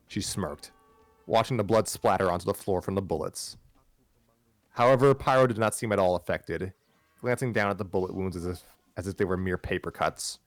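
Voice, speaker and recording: On a live stream, a host with a very deep male voice reads a fan story out loud at a moderate pace, stumbling over words, restarting lines and tossing in wry asides. The recording is dry, with no sense of a room, and soft music plays in the background.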